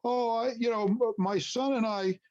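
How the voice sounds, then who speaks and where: A man voicing a tearful, pleading woman business owner in a high, breathless tone. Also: steady tone, normal speed, a little mellow, highs cut off.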